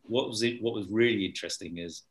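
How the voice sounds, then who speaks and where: A young man from England tells stories in a relaxed conversation, full of energy. He slips into impressions of other people as he goes. His voice sits on the low side. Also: fast, soft background music. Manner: animated storyteller, mimics voices in anecdotes. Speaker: guest. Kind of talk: casual chat.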